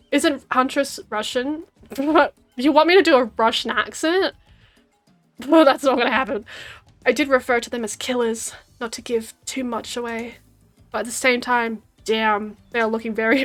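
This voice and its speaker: Young Australian woman streamer, high and playful, reading game text with wry jokes, faint music behind. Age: 20s. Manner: giggly, wry asides while reading aloud.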